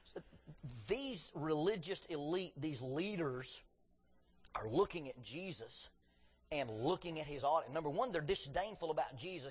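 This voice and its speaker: A man's voice: on the high side, expressive, unhurried, husky, big-room sound. A man preaching a sermon in a conversational way with joking asides, reading scripture with drama. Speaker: pastor.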